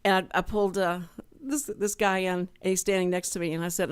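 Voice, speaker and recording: A woman's voice: mid-range voice, a little fast, clear, resonant tone, no room sound. A woman co-hosting a community radio show, telling a work story in casual chat and acting out the voices of the people in it. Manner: animated storyteller acting out quoted dialogue. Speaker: radio co-host. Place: radio studio.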